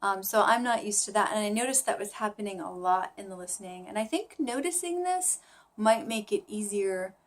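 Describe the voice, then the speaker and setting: A tired woman talking through her language study in a casual vlog, musing and questioning herself as she goes, with frequent pauses and fillers. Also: mid-range voice, expressive. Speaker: language learner vlogger. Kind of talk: casual thinking-aloud vlog.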